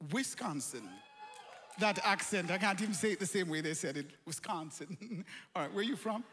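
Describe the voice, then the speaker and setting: A man's voice: high-pitched, fast, bright, forceful tone, a little hiss or hum. A Jamaican man hosting a conference in a large auditorium, energetically calling out to the crowd. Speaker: conference host. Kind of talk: lively crowd warm-up.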